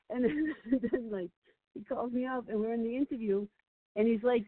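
A woman calls in to a chat show and tells lively stories, laughing often and putting on the voices of the people she quotes. Her voice comes through a tinny phone line. The sound is dry and close. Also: a little high, moderate pace, dry recording. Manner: animated storyteller, laughs often, acts out quotes. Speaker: guest. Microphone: phone call.

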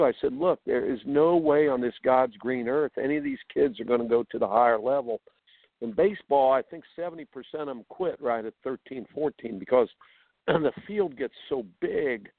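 Animated man telling stories over the phone. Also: mid-range voice, no room sound. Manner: animated, repeats words when excited. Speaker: coach. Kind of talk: casual storytelling. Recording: tinny phone line.

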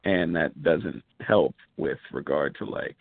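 A man co-hosting a casual wrestling podcast, rambling through animated stories with plenty of fillers. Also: very deep voice, takes it slowly, gravelly. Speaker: podcast co-host. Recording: tinny phone-like line.

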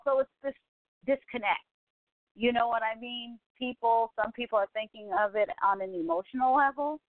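A woman's voice: on the high side, no room sound. A woman from California hosting a live online talk show, rambling in a casual, chatty way, with lots of asides. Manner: chatty, full of "you know" and asides. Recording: dry, tinny phone-like sound.

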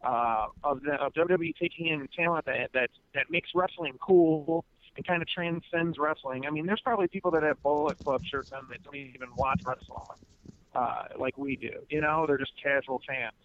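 A man's voice: a little high, normal speed, fairly bright tone. A man on a wrestling podcast who analyzes things at length in a rambling way. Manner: rambling, analytical, many restarts. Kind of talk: casual chat. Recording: slightly dull lo-fi sound.

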